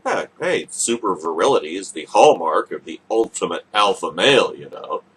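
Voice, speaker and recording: A man's voice: low voice, expressive, moderate pace, fairly bright tone, husky. A man hosting a radio show, delivering a sarcastic, mocking political commentary monologue.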